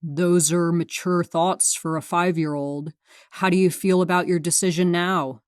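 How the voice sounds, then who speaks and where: A woman voicing a calm, probing male therapist in her audiobook memoir, with measured questions and only a light change from her own low voice. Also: dry recording, clean studio sound, lightly acted.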